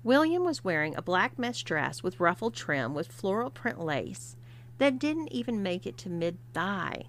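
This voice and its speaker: A woman narrating a story, reading expressively and at a measured pace. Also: medium pitch, big pitch swings, a little hiss or hum.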